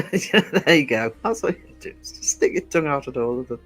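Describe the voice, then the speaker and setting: A male livestream host with a fairly high, somewhat bright and husky voice speaks animatedly at a moderate pace over soft background music. Answering live comments, he chats casually and rambles, hesitating a lot and saying um often.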